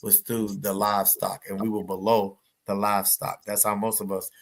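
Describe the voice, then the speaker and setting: A man co-hosts a casual livestream talk. His voice sits low, and he mostly agrees with the host and chimes in. He speaks at an easy, conversational pace. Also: level tone, moderate pace. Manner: agreeable, chiming in.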